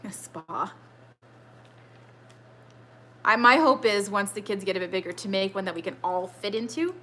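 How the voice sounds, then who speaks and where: Woman, thirties, trivia live-stream host at home: bright, talkative, easygoing rambler who reads the chat aloud. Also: mid-range voice, fairly quick. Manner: chatty, rambling, reads viewer comments aloud. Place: home with children nearby.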